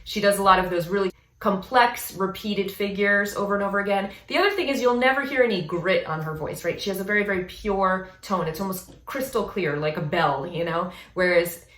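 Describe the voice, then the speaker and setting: Bright-voiced woman vocal coach, echoey room. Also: medium pitch, fairly quick. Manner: chatty, explanatory, with frequent "right?" and "you know?" tags. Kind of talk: casual reaction commentary.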